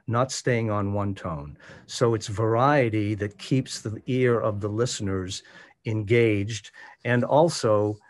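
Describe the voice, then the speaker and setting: A man runs an online workshop as a voice coach, giving an instructional presentation over a video call. He speaks in a measured, demonstrative way and varies his pitch for emphasis.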